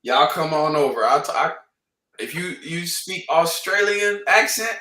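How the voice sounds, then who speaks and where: A slightly high, bright and forceful man speaks from a little away from the mic in a roomy space, chatting on a trading livestream. He is animated and slangy, hammering points home with repetition. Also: unhurried, distant mic. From Canada. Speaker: forex trading panelist. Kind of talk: casual livestream panel talk.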